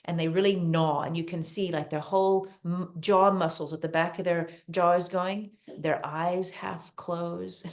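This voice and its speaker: Calm lower-voiced woman giving advice. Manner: calm, explanatory, repeats words for emphasis. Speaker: dog behavior consultant guest. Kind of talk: podcast interview advice.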